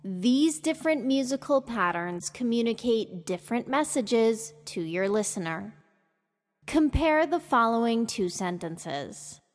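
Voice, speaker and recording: A woman teaching English intonation in a scripted podcast lesson, speaking with slow, careful deliberation. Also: a little high, expressive, in a large hall.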